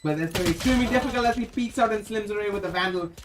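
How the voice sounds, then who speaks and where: An esports caster giving play-by-play commentary, with rapid game calls that rise on big moments and drop low for asides and self-corrections. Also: background noise. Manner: rapid game calls with excited rises on kills; drops to a low aside when correcting himself.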